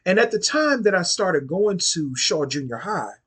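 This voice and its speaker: Telling a casual storytime monologue to camera, a D.C.-area vlogger in his forties sounds husky, a little breathy, and a bit bright. His sing-song pitch moves up and down constantly at a moderate pace, and he's emphatic and profane, repeating phrases for stress.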